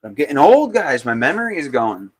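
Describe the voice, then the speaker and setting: A man's voice: a little high, very animated, fairly quick, slightly rough. Chatty man joking with his viewers. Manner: joking, chatty, reads out and answers viewer comments. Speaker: livestreaming potter. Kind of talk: casual livestream chat.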